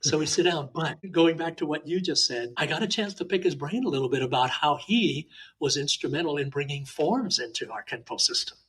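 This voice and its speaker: A man from Hawaii, a martial arts teacher, chatting in an interview and telling lively anecdotes with frequent uh fillers. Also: on the high side, brisk, husky, poor audio. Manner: animated, talkative anecdotes with many uh fillers. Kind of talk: casual interview storytelling.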